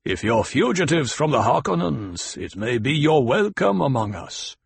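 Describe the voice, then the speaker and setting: A stern desert chief , as a man reads him aloud, who weighs every word, slow and commanding. His voice is gravelly and a little husky, with a lively rise and fall, heard close and dry. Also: medium pitch, no echo, exaggerated voice. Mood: measured. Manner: slow, deliberate, authoritative. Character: tall, stern male desert tribal leader, measured and commanding. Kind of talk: audiobook character voice.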